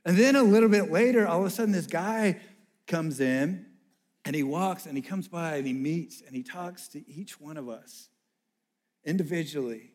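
Pastor telling a sermon story, a man with a somewhat high voice, animated and conversational. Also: normal speed. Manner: animated, acts out the people in his story.

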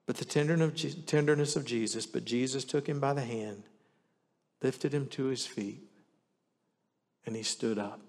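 A man's voice: medium pitch, moderate pace, pauses often, long reverb tail. A man preaching a sermon in an earnest manner, reading scripture aloud with shifting emphasis. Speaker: pastor.

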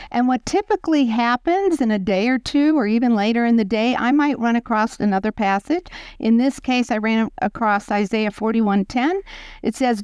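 An older woman teaching a Bible study, telling personal stories in an earnest way with soft chuckles. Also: mid-range voice, moderate pace, smooth, dry recording.

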